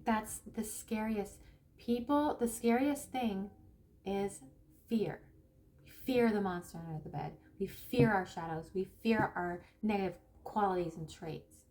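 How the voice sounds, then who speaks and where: A woman from Northern California who works as a spiritual coach and tarot reader talks casually to camera. She rambles with restarts and slows down to stress her key points. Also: medium pitch, darkish tone, slight background noise. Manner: rambling, with restarts and acted-out quotes.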